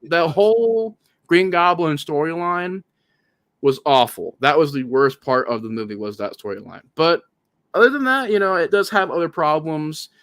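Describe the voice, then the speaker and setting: A man's voice: a little high, moderate pace, fairly bright tone. A man guesting on a casual podcast, giving blunt, profane opinions on films. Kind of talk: casual film discussion.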